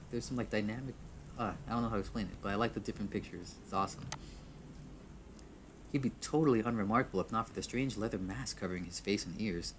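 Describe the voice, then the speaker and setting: A man with a fairly low voice reads the text of a visual novel aloud. He often trips over words, restarts his lines and chuckles at his own slips. A faint background hiss sits under the whole recording. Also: brisk, pauses often. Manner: stumbles, restarts, chuckles at himself. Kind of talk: reading game text aloud with asides.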